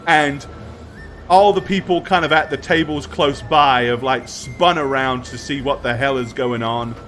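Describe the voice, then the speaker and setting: A man narrating a tabletop game as dungeon master, telling the scene in a lively way with many filler words. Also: mid-range voice, unhurried, faint music behind.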